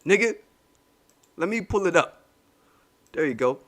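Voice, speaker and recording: A man with a fairly high voice and delivers a heated commentary monologue. He leans on street slang and profanity, repeating himself for emphasis as he rants to his audience. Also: expressive, measured pace, a bit bright. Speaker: commentary channel host.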